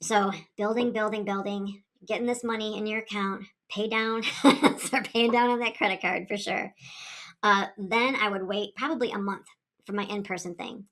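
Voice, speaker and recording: A woman's voice: mid-range voice, steady tone, normal speed, a bit bright. Woman saleswoman, upbeat and persuasive, coaching tone. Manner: upbeat, coaxing, checks in with "okay?". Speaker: direct sales consultant. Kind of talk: advice video.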